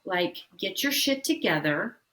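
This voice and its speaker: A woman's voice: mid-range voice, lively intonation, unhurried, pushed and bright, reverberant, rough recording. A woman co-hosting a podcast, chatting casually with blunt, sarcastic remarks and free swearing. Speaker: podcast co-host. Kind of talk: casual chat.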